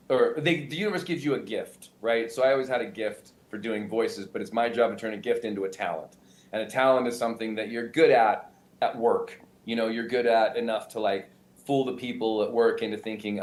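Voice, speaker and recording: A male comedian and impressionist explaining his craft in an animated, self-interrupting way, often restarting sentences. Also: medium pitch. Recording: roomy echo.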